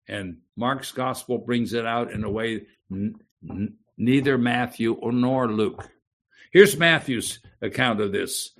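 A male preacher delivers a sermon, reading scripture passages and explaining them with animated emphasis. His voice carries a gravelly, creaky edge at a middle pitch. He often stumbles, restarting and repeating words as he talks.

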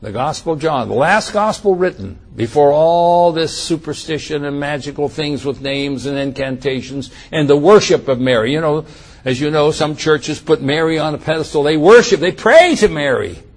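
A man with a slightly raised, husky voice gives a Bible teaching. He reads scripture slowly and leans hard on key words, then explains in a plain speaking tone. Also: on the high side.

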